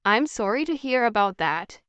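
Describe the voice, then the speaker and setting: A woman reading a scripted practice conversation in a slow, evenly paced, carefully articulated way. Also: on the high side, very animated, fairly bright tone, clear, resonant tone, no room sound, lo-fi sound. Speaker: English practice dialogue voice.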